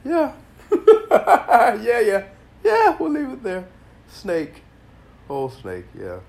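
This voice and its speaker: A man hosting a casual solo podcast, telling stories in a loose, profane, animated way with a congested voice. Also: extremely high pitch, extremely slow, vocal fry. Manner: animated storytelling, slangy and profane, bursts of laughter. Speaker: podcast host.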